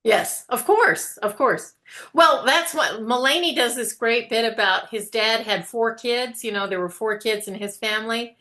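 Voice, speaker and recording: A woman's voice: fairly high pitch, a little slow, bright, forceful tone. A woman teacher chatting casually, telling stories and laughing often. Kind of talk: casual conversation.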